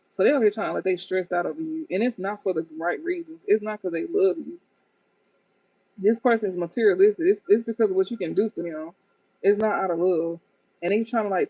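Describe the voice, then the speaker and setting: A woman's voice: medium pitch, mellow, slightly rough, no room sound. A woman giving a casual tarot reading to her viewers, blunt and profane, often cracking up at the cards. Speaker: tarot card reader. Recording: tinny phone-like dry sound.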